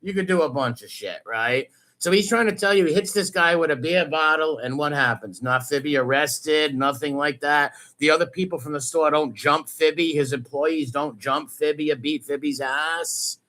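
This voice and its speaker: A man's voice: on the high side, moderate pace, few pauses, sharp tone. A man hosting a live stream, mocking clips he plays with sarcastic, profane commentary. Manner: sarcastic, profane, laughs often. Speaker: host reacting to clips.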